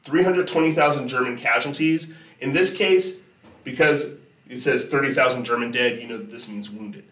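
Bright-voiced man teaching history, echoey room. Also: mid-range voice, moderate pace. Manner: conversational, keeps checking in with listeners. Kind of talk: classroom lecture over slides. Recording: echoey room, distant mic.

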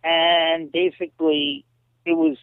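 A man's voice: big pitch swings, slow, vocal fry, dry recording. A man who is a former kickboxer and wrestling promoter, telling stories as an interview guest and acting out the people he quotes. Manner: acts out quoted voices with big pitch jumps. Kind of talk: animated storytelling in an interview. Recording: tinny phone-like line, dry.

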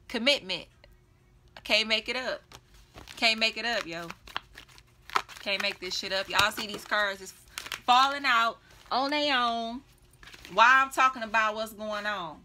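A woman's voice: fairly high pitch, a little slow, long pauses, sharp tone, a little hiss or hum. A woman giving a casual tarot reading, chatty and blunt, laughing often and swearing freely. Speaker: tarot reader.

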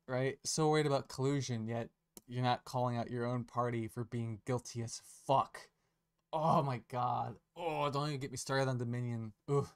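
A man's voice: mid-range voice, clean tone. A man giving a casual commentary rant, sarcastic and profane, rambling and correcting himself as he goes. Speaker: online commentator.

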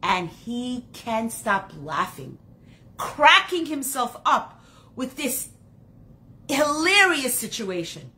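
Bright-voiced woman teaching a Torah class. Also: on the high side, slow pace. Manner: animated, acts out story characters.

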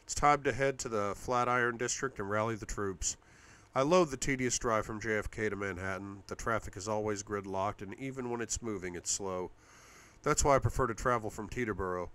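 Guy reading a romance novel out loud, lowish voice, steady and even. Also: brisk, clean tone. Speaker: audiobook reader. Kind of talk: first-person novel narration.

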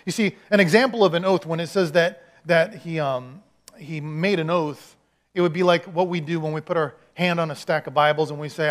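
A man's voice: a little high, steady tone, fairly quick. A man, a pastor, giving a sermon in a conversational storytelling way, acting out the quotes he tells.

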